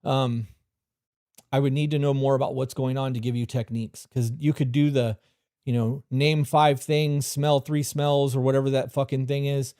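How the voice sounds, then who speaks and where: A man talks straight into the mic in a dry, close recording, hosting a live stream. He gives blunt, profane relationship advice and reads out chat questions. His pitch sits in the middle of the usual male range. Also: level tone, moderate pace, mellow, dry recording. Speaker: host.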